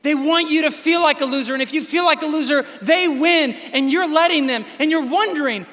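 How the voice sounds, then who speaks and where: A man's voice: very high voice, expressive, fairly quick, hardly any pauses, bright, forceful tone. A man giving an emphatic motivational keynote speech at a large convention, sometimes acting out voices in dialogue. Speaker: keynote speaker. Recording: reverberant hall sound.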